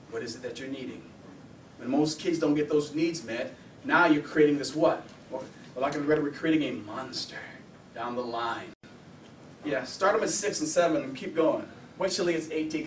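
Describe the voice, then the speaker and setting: A man counseling and lecturing at a workshop, lively and full of rhetorical questions. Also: fairly high pitch, moderate pace, roomy sound, distant mic, slight background noise, rough recording. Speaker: anger management counselor.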